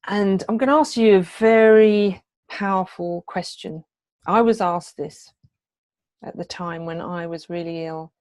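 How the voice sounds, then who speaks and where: A woman's voice: on the low side, measured pace, a little mellow, dry recording. A middle-aged woman, a hypnotherapist and wellness coach, sharing her own story in an earnest, heartfelt way with frequent hesitations. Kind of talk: personal testimony in a coaching video.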